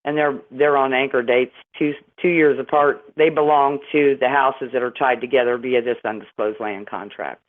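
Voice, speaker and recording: A woman's voice: very deep voice, fairly even intonation, normal speed, hardly any pauses. A middle-aged woman speaks over a tinny, narrow phone line as an interview guest. She tells her story in a rambling, indignant way, restarting her sentences often. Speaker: guest caller.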